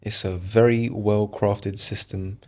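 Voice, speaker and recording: Low-voiced man firing rhetorical questions. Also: slow. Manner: animated, fires off rhetorical questions. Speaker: podcast guest. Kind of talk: casual conversation.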